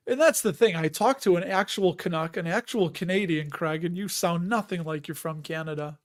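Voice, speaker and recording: A man's voice: high voice, moderate pace, hardly any pauses. A man in his fifties hosting a casual investing livestream. He jokes, laughs often, and rambles while answering viewer comments. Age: 50s. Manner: chatty, jokey, laughs often, rambling asides. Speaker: host of a dividend investing livestream.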